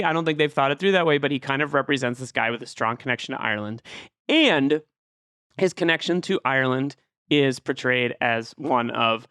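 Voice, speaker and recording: Podcast co-host, male, bright and crisp, animated arguer, dry mic. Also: mid-range voice, normal speed, no echo. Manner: animated, argumentative, builds a theory. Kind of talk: casual film discussion.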